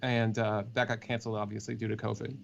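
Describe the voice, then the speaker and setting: A man's voice: on the low side, flat delivery, fast talker, gravelly, highs cut off, slight background noise. A man who narrates audiobooks and acts, chatting on a podcast call with plenty of fillers and restarts. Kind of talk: casual podcast interview.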